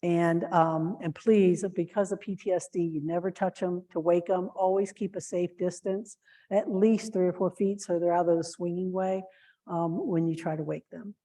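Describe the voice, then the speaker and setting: A woman's voice: fairly low pitch, fairly even intonation, normal speed, warm tone. A woman giving earnest training to shelter volunteers, with plenty of fillers and restarts. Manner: acts out example phrases in a lifted voice.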